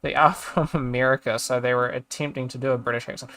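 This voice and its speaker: A man's voice: medium pitch, steady tone, fast, bright, forceful tone. A streamer chatting casually, ranting in exasperation and swearing as he reads a review aloud and trails off mid-sentence. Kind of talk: casual chat while reading a review aloud.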